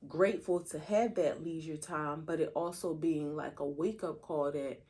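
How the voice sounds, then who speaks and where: A woman with a fairly low voice co-hosts a podcast in relaxed, candid chat. She talks openly and laughs easily. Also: normal speed. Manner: chatty and candid, laughing often. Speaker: podcast co-host. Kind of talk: casual chat.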